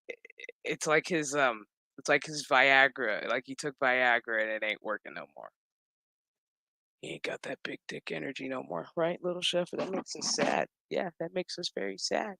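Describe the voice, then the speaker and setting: A man with a fairly high, gravelly voice talks at a moderate pace in a dry recording. He's a show recap host casually going over a TV episode, swearing a lot and acting out the characters' lines in an animated, exasperated rant.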